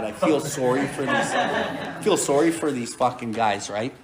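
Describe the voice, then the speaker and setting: A man's voice: mid-range voice, animated, moderate pace, roomy sound. A man in his forties hosting a recovery podcast, telling a story in a blunt, profane, casual way with frequent laughter. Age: 40s.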